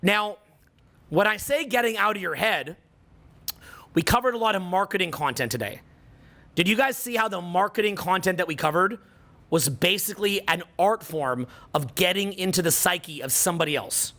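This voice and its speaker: A man's voice: high-pitched, expressive, moderate pace, sharp tone. A middle-aged man with a Canadian accent, giving an emphatic motivational seminar talk as a coach, often repeating phrases for effect. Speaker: social skills coach.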